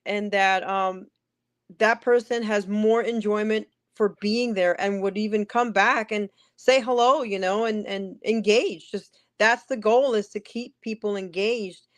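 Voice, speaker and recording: A woman's voice: medium pitch, normal speed. A woman from New Jersey, a podcast guest and ring announcer, telling stories in casual interview chat with many restarts. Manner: chatty storyteller with many restarts.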